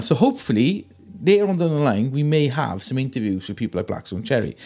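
A man co-hosting a podcast, telling stories in a sweary, animated way. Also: mid-range voice, fast, few pauses. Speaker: podcast co-host. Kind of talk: casual storytelling.

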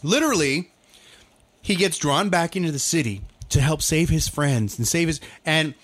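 A man's voice: a little high, lively intonation, normal speed, a bit bright. A man with a slightly raised voice is ranting casually with a co-host. His talk is loose and profane, and his exasperation builds as he goes. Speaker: podcast co-host. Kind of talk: casual chat.

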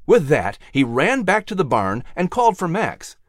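Animated, expressive audiobook narrator. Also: medium pitch, normal speed, dry recording, clean studio sound. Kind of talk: scripted storybook narration.

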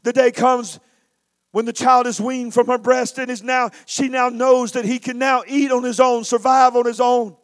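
Male preacher, very high voice, dramatic storytelling sermon. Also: little pitch movement, moderate pace. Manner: dramatic, emphatic delivery.

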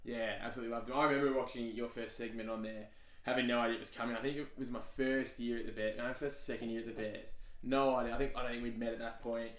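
A man's voice: medium pitch, steady tone, fast, fairly bright tone. A man hosting a casual chat and reacting with short remarks. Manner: brief reactive interjections. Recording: echoey room.

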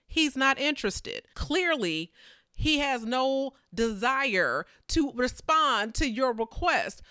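Lively, expressive woman preaching. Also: a little high, clear, resonant tone, no echo, studio quality. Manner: animated, conversational, acts out the characters with voices. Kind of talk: sermon.

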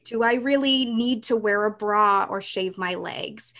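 A woman's voice: mid-range voice, a little slow, sharp tone. A young adult woman, a guest on a talk show, earnestly explaining her views in casual conversation. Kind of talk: casual interview chat.

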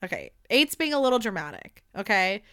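Bright, crisp-voiced woman podcast host. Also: medium pitch, huge pitch swings, fairly quick, dry recording, studio quality. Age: late 20s. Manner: candid, rambling, swears freely. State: throat irritated by allergies. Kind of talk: casual solo podcast chat.

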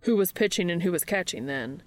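A woman's voice: lowish voice, animated, brisk, dry recording, natural voice. A woman voicing a sarcastic, geeky young man who delivers his lines dryly and bluntly.

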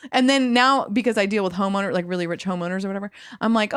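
A woman hosting a casual chat show, telling stories lively and acting out phone conversations. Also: rapid-fire, smooth, no echo, studio quality. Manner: animated storytelling, acting out phone calls with bright high voices. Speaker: podcast host.

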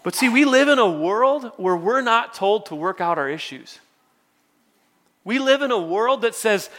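A man's voice: high voice, lively intonation, moderate pace, a bit bright. A male worship pastor preaching to a church congregation in a conversational, storytelling way with self-deprecating humor. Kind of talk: sermon.

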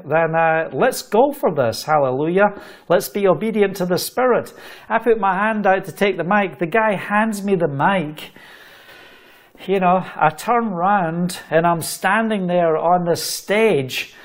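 With a high-pitched voice, a Scottish man who travels as a preacher recounts his testimony, telling it in an animated way and breaking into laughter between phrases.

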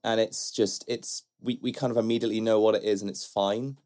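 A man co-hosting a podcast, telling stories in a relaxed, conversational way. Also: on the low side, fairly quick. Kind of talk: casual chat.

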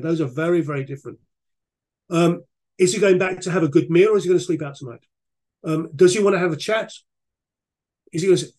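A middle-aged man, a guest expert on a podcast, talking in an animated storytelling way and repeating words for emphasis. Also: fairly high pitch, breathy edge. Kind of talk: podcast interview conversation.

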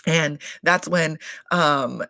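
A man's voice: fairly high pitch, extremely slow, vocal fry, bright, forceful tone, no room sound, studio quality. A man giving a casual, profane recap of a reality show, rambling with constant fillers and swearing. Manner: rambling, heavy "like" fillers, frequent swearing and laughter.

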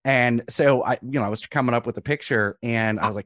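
A man's voice: medium pitch, fairly quick, hardly any pauses, a bit bright, no echo, studio quality. A man hosting a casual podcast, joking, laughing often and telling stories with animation. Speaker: podcast host. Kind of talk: casual chat.

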